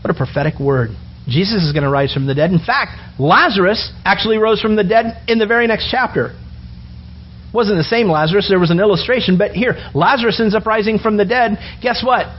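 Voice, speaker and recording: High-voiced preacher telling a story. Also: male voice, fairly quick, slightly rough. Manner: animated storytelling, acting out characters' lines. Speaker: pastor. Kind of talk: sermon. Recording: dull lo-fi sound with faint ambience.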